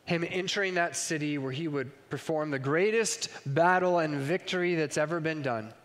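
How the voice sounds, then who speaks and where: A man's voice: a little high, normal speed, fairly bright tone. A man preaching a sermon with emphatic delivery and frequent rhetorical questions. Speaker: pastor. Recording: long reverb in a large hall.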